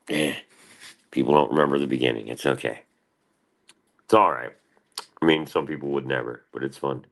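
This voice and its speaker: A man hosting a casual livestream, rambling and swearing as he answers chat. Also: rumbling low. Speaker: livestream host.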